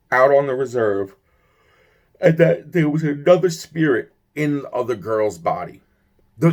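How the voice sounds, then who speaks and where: A young man telling a personal story in an agitated, rambling way, swearing often and restarting his sentences. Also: medium pitch. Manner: agitated, profane, many restarts and fillers.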